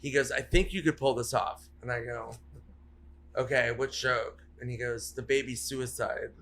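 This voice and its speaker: A man's voice: medium pitch, fairly even intonation, moderate pace, fairly bright tone. A man, a comedian guest on a podcast, rambling through comic stories, swearing and laughing at his own punchlines. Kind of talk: casual podcast chat.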